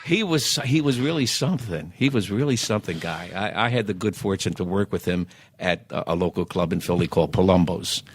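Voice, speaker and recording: A man, telling lively anecdotes as a podcast guest and acting out the dialogue. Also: low voice, brisk, husky, no echo. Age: 70s. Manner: animated raconteur who acts out quoted dialogue. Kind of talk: anecdotal storytelling.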